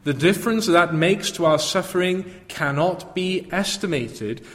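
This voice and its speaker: Guy preaching a sermon, earnest and fervent, kinda high voice, long hall echo. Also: slow. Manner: earnest, rising to fervent proclamation.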